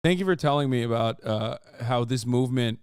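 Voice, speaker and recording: Brief: 30s male streamer, smooth voice, dry close sound, sarcastic profane rants. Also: mid-range voice, brisk, a little mellow, dry recording. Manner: profane, sarcastic, exasperated ranting. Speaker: streamer reacting to a video. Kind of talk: reaction commentary.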